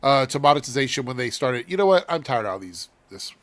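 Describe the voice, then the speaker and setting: A man's voice: mid-range voice, very animated, fast. Profane casual man hosting a stream. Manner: loose and profane, laughing. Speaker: host. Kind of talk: casual chat.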